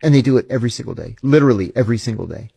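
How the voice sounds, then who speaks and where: Speaking very fast, a former intelligence officer shares stories in a conversational interview, animatedly voicing the dialogue he quotes. His voice is mid-range, expressive, gravelly, mellow, and breathy at the edges, with no echo present.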